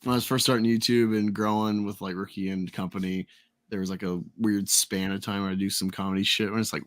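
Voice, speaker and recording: A man's voice: lowish voice, flat delivery, fast talker, fairly bright tone, no echo. A man hosting a casual chat, rambling and laughing often.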